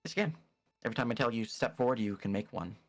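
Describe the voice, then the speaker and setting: A man's voice: mid-range voice, fast, faint music behind. A man narrating a tabletop game as game master, casual and hesitant, with many fillers and restarts.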